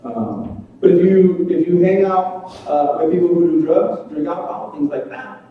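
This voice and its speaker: A man's voice: sits high, animated, normal speed, narrow, tinny audio, slight background noise. A young man preaching a casual youth sermon, joking and self-deprecating, often asking the room questions. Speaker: youth pastor. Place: church hall. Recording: roomy far-off hall recording.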